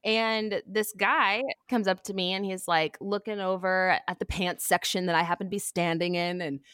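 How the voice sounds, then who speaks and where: A young woman, a guest in an interview, telling a story in an animated way and acting out the people she quotes. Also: medium pitch, normal speed, smooth, no room sound, clean studio sound. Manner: animated, acts out quoted voices.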